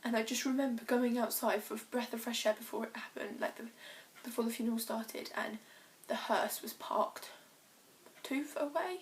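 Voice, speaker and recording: A woman's voice: a little high, slight background noise. Choked-up teenage girl vlogging. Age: teens. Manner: emotional, halting, earnest. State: choked up, tearful. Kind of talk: personal confessional vlog.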